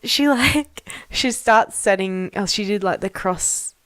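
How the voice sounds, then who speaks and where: A woman's voice: mid-range voice, slow pace, no echo. Laughing, swearing Australian woman. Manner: swears freely, laughs often, animated storytelling. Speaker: podcast co-host. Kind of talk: casual chat.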